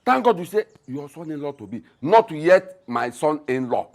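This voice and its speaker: A man's voice: fairly high pitch, sing-song, normal speed, a little mellow. A scornful Nigerian father. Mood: dismissive. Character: gruff scornful father, mocking and bossy. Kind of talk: Nollywood film acting.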